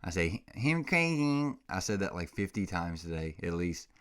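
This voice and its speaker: A man's voice: deep voice, little pitch movement, normal speed. A man hosting a casual solo podcast, rambling and self-mocking, a little out of breath, close on a microphone. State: slightly out of breath. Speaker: podcast host.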